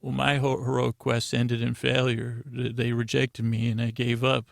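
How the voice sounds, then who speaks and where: Man, bedtime podcast host, meandering and self-interrupting, deep vocal fry, dry close sound. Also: level tone, moderate pace, no room sound. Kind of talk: rambling bedtime podcast monologue.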